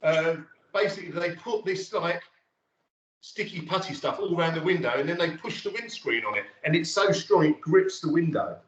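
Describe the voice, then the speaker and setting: Give me a chatty photography lecturer, recorded from across an echoey studio. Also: male voice, on the high side, animated, moderate pace. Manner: chatty and rambling, many fillers. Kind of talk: casual studio demonstration to students. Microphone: phone camera from across the room. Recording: roomy, distant, dull audio with faint noise.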